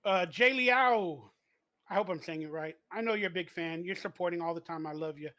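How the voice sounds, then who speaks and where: A man's voice: high-pitched, a little fast, bright, forceful tone. A man livestreaming to his viewers, talking earnestly with a slight lisp.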